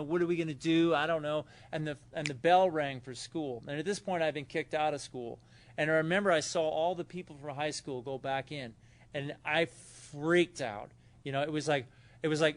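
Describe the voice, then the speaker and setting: Man with a Southern California accent, a little high-pitched, tells a loose, rambling recovery story at a meeting. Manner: loose, rambling, acts out quotes loudly. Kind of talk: personal story told to a meeting. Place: hotel meeting room.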